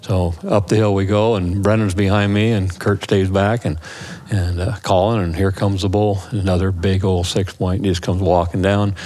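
A man's voice: deep voice, normal speed, few pauses. A man casually telling a hunting story, acting out elk calls and the voices of his companions. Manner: animated, acts out calls and voices.

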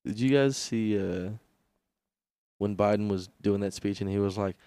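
A man's voice: on the low side, normal speed, dark tone, smooth, no echo. A young man co-hosting a comedy podcast, laughing often and tripping over names. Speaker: podcast co-host. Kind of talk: casual comedic chat. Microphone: close podcast mic.

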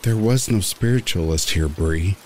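A man voicing a worried young adult woman, the narrator's cousin, who asks gentle, concerned questions. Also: low-pitched, moderate pace, a little hiss or hum, close to an everyday voice.

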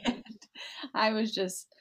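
A woman's voice: mid-range voice, level tone, slow pace, a bit bright. Sleepy-voiced woman podcast co-host. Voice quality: slightly scratchy voice. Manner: chatty, laughs easily. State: sleepy from recording early in the morning. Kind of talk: casual chat.

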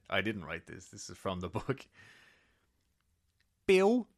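A man's voice: low-pitched, moderate pace, gravelly, a bit bright, slightly rough. A man co-hosting a podcast, casually retelling a story and reading quotes from a book, with swearing and laughing asides. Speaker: podcast co-host.

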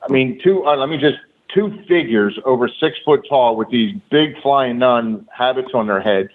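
A man's voice: mid-range voice, normal speed. A man, a former wrestler, recounting road stories as a guest in a loose, profane, filler-heavy way. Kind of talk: casual storytelling. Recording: tinny phone-line audio.

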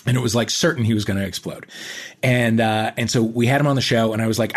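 Man, host, mid pitch, excitable, self-mocking, chatty. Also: fairly quick. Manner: enthusiastic, self-mocking, many fillers. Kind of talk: casual chat, anecdote telling.

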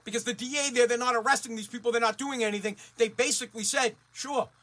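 High, bright-voiced ranting radio man. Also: fairly even intonation, fast talker. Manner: blunt, profane and fired up. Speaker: radio host. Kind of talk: ranting talk radio monologue.

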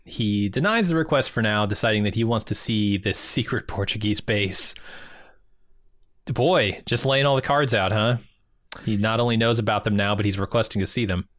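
Low-voiced guy on a podcast recapping the plot, laid-back, laughs a lot, dry close mic. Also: moderate pace, a bit bright, dry recording. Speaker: podcast co-host. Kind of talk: casual chat, recapping plot.

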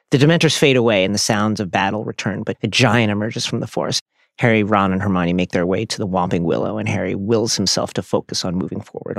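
A man co-hosting a podcast, narrating a scripted story recap in a steady, earnest way. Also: lowish voice, gravelly, no echo, clean studio sound. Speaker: podcast co-host.

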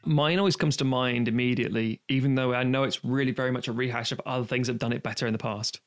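A man's voice: medium pitch, steady tone. A man co-hosting a podcast in casual chat, with a jokey, teasing way of talking. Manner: jokey, teasing, quick asides. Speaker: podcast co-host.

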